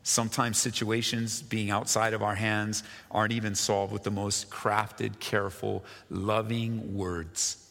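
A man's voice: lowish voice, flat delivery, creaky. Man preaching in an echoing hall. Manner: earnest preaching, swinging between raised emphasis and hushed, slow asides. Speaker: pastor. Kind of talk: sermon. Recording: long reverb of a large hall.

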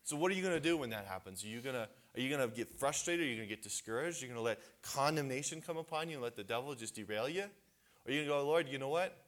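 A man's voice: medium pitch, animated, very fast, a bit bright. A man giving a conversational sermon at a men's retreat, earnest and casual, often restarting his sentences.

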